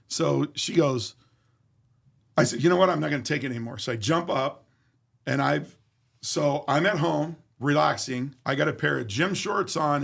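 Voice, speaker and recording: A man's voice: fairly high pitch, vocal fry, a bit bright. A man being interviewed, telling a story in a vivid, profane way and acting out the dialogue. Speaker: interview guest. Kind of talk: casual storytelling.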